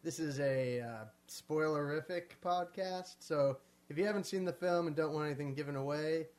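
Measured man summarizing a film. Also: on the high side, darkish tone. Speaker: podcast co-host. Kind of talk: casual film review chat.

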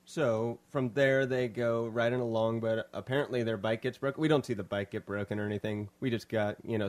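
A man's voice: lowish voice, darkish tone. Rambling jokey male podcast host. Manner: rambling, jokey, lots of restarts. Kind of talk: casual film review chat.

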